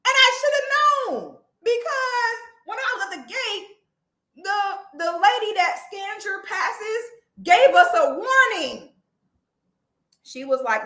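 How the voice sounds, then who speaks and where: Animated woman vlogger, high bright voice, comic storytelling, echoey room. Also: takes it slowly. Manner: animated, loud exclamations, cursing, speaks directly to viewers.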